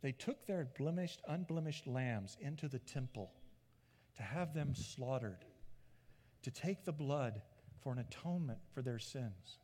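A man preaching a sermon as a pastor, retelling the story in a lively way and acting out the people in it. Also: mid-range voice, slow pace, long pauses. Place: church sanctuary. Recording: long church reverb.

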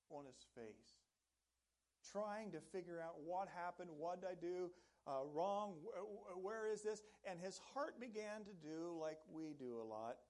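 A man's voice: on the high side, darkish tone. A man preaching a sermon in an earnest way, often turning to ask the congregation questions. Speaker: pastor.

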